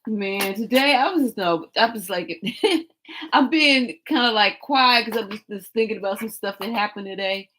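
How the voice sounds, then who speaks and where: A woman's voice: medium pitch, normal speed, a bit bright. A woman hosting a tarot live stream, telling a rambling, profane story and laughing often.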